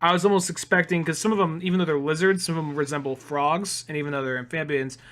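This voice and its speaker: A man's voice: fairly high pitch, steady tone, fast talker, fairly bright tone. A man co-hosting a casual podcast, rambling with lots of "like" and restarts and casual swearing. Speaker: podcast co-host.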